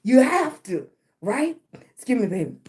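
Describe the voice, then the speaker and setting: A woman's voice: on the high side, sing-song, unhurried, a little mellow. A woman talking on a live stream about self-love, congested in the chest, often asking "right?". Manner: repetitive, keeps asking "right?". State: chest congestion, clearing her throat. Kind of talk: motivational live-stream talk.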